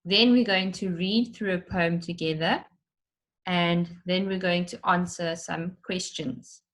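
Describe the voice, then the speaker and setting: Slow, patient woman teacher. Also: fairly low pitch, steady tone, a bit bright. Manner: explains step by step, stretching out words to show syllables. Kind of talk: slow, patient online lesson for children.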